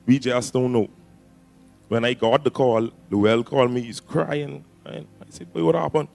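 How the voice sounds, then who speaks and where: Slow, grieving man giving a tribute. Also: mid-range voice, vocal fry, a little mellow, faint music behind. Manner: halting, with pauses and fillers. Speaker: mourner at a funeral. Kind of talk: funeral tribute.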